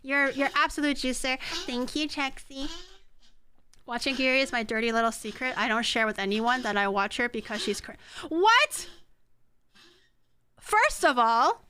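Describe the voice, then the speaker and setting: A young woman streams from her home kitchen, cooking and bantering with chat. Her voice sits high and bright. She teases her viewers and often breaks into laughter. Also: steady tone, brisk, slight background noise. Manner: playful, teasing, bursts into laughter. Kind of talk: casual live-stream chat while cooking.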